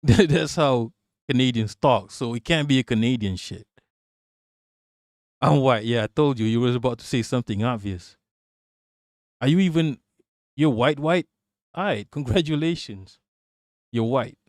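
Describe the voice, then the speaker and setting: A man hosting a live stream in loose, casual chat, joking crudely and calling out viewers by name. His voice sits at an ordinary middle pitch. It sounds dry and close, with no room echo. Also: a little slow, pauses often.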